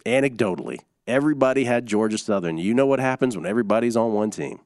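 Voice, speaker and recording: A man's voice: mid-range voice, lively intonation, quick pace, a little mellow, dry recording, studio quality. A man hosting a sports betting radio show, talking loosely and rambling through scores and stats.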